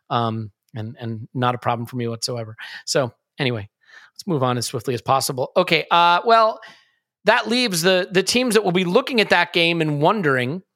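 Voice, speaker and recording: A man with an American accent, co-hosting a casual football chat in a joking, self-mocking way with quick asides. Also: a little high, sharp tone, no echo, clean studio sound. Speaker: podcast co-host.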